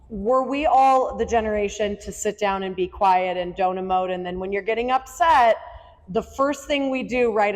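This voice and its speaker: A woman with a mid-range voice talks chattily and openly, peppering her speech with "like" and "right?". Her voice sits in a room with a long, trailing reverb. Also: medium pitch. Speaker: guest. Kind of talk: candid conversational talk. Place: room with a small audience.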